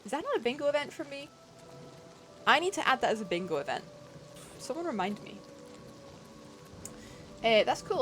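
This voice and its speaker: A woman's voice: fairly high pitch, animated, moderate pace, long pauses, music in the background. Chatty woman streamer, playful commentary. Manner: chatty, reacts to chat and game; playful, self-deprecating. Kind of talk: casual gameplay commentary.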